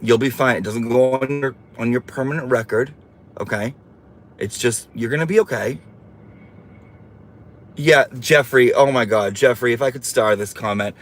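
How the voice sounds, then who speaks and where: A man's voice: mid-range voice, normal speed, pauses often. Sassy man hosting a livestream. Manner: sassy, campy, teasing. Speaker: livestream host reading viewer comments. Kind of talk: casual livestream chat.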